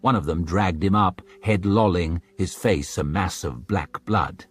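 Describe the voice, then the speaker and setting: A man narrating an audiobook in a dramatic, expressive storytelling manner. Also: sits low, measured pace, breathy edge.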